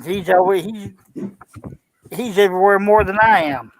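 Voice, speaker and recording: A man's voice: sits high, normal speed, poor audio. A man on a live-stream panel, joking around playfully with the host. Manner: wisecracking, playful.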